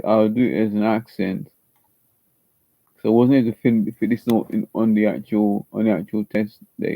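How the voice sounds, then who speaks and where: A man's voice: fairly low pitch, dry recording. Rambling man explaining his next take. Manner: rambling, restarting sentences. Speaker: drama applicant. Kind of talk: casual aside to camera. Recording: slightly muffled lo-fi recording.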